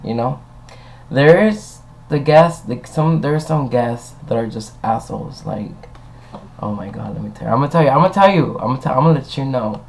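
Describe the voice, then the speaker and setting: A man's voice: mid-range voice, creaky, low-quality recording. A young man talking casually to a webcam, rambling and swearing as he tells stories. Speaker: vlogger. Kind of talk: casual chat.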